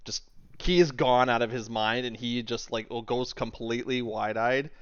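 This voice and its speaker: A man's voice: mid-range voice, fairly even intonation, moderate pace, smooth, no room sound, dull audio. A man running a tabletop game as game master, narrating casually and laughing often, on a voice call.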